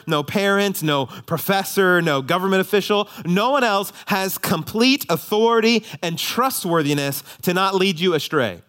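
A male pastor delivering a sermon in a somewhat higher-pitched voice. He drives his points home by repeating short phrases in a rhythmic preaching cadence. Every so often he eases into a light, joking aside before returning to the message. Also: a bit bright.

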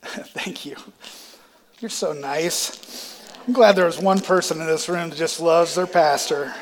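A man's voice: fairly high pitch, unhurried, in a large hall, a little hiss or hum. A male pastor delivering a sermon with a congested, stuffy voice, building to impassioned climaxes. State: congested sinuses. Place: church sanctuary.

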